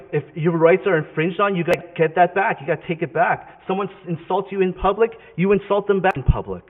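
A male pastor preaching a sermon in a conversational, emphatic way, often correcting himself mid-sentence. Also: fairly high pitch. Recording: tinny phone-like sound with long hall reverb.

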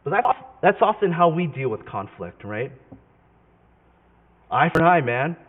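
A man's voice: a little high, very animated, unhurried. Man preaching a sermon, casual and emphatic, tinny narrow sound, long hall echo. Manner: conversational, self-correcting, emphatic. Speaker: pastor.

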